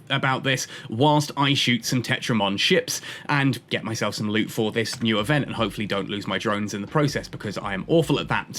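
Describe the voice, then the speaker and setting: A gaming YouTuber plays and narrates, chatting casually with his viewers and rambling from one thought to the next in a stream-of-consciousness way. His voice is medium-pitched and a bit bright, with a little hiss or hum in the recording.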